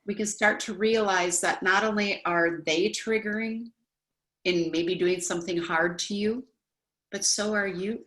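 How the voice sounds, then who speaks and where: A woman teaching a spoken self-help class in an earnest, coaching manner, now and then acting out indignant voices. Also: fairly bright tone. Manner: earnest, acts out indignant voices with rising pitch.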